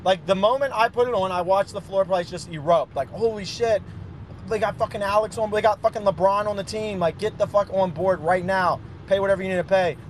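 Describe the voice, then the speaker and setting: A man's voice: high-pitched, brisk, a little hiss or hum. A man boasting and ranting profanely in a casual chat. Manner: brash, boastful, rambling rants.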